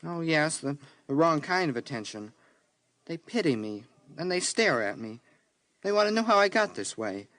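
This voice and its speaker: A man's voice: a little high, big pitch swings, normal speed, a bit bright, dry recording. An actor playing a proud, determined crippled young man in a radio drama, talking earnestly and stubbornly. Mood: bitter.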